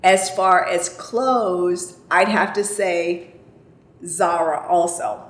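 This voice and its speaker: A woman's voice: fairly low pitch, fairly even intonation, very slow, roomy sound. A woman vlogger answering viewer questions in casual chat, chatty and emphatic, often checking in with "okay?". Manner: chatty, emphatic, repeats "I kid you not" and "okay?".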